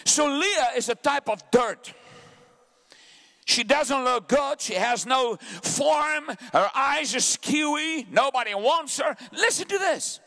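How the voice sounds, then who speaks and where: A male preacher in full flight, his voice sitting very high and leaping all over the place. The tone is bright and forceful, and he shouts through passionate stretches, alternating quick bursts with slow, drawn-out lines. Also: lively intonation, creaky. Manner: impassioned, frequently shouting; swings between rapid bursts and slow drawn-out phrases. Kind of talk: sermon.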